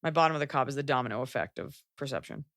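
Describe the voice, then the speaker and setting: A woman in her forties hosting a podcast, giving blunt advice in a casual chat, animated and quick with asides and swearing. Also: extremely low pitch, dry recording, studio quality. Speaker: podcast host.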